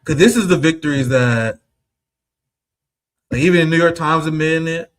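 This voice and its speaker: A man in his thirties giving heated, profane political commentary, with a combative, ranting delivery that swings between loud outbursts and low asides. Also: moderate pace. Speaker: political streamer.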